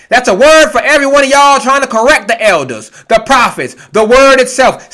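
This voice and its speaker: With a bright, high voice and an animated delivery, a male preacher works through a street-style sermon at moderate speed. He's blunt and combative, swearing liberally and ridiculing critics in between scripture passages.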